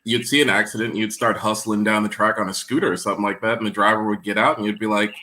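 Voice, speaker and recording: A lower-voiced man talking over a video call, bright in tone. He rambles through anecdotes, stopping and restarting often. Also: steady tone, very fast. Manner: rambling storyteller, hesitant. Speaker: guest, performance coach. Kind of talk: casual chat on a video call.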